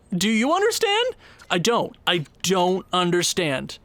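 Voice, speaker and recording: A young man commenting on his own gameplay, sighing and exasperated, his voice jumping high when frustrated. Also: wildly swooping pitch, measured pace, a bit bright, no echo. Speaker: gaming YouTuber.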